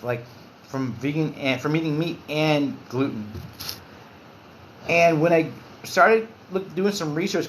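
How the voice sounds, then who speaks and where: A man's voice: medium pitch, a bit bright, slight background noise. A man in his forties hosting a casual livestream, loose and candid, swearing and reading out viewer comments. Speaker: livestream host.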